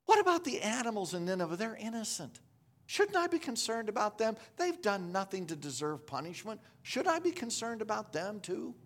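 A man's voice: high voice, very animated, fairly quick, fairly bright tone, voice pushed up, full character voice. A man voicing a compassionate deity who reasons with earnest, pleading questions. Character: patient, compassionate male deity reasoning gently.

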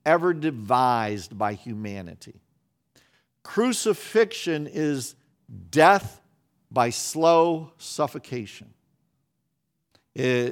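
A man pastor delivering a sermon, earnest and emphatic, with deliberate pauses and repeated phrases. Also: a little high. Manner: restarts and repeated words when speaking quickly.

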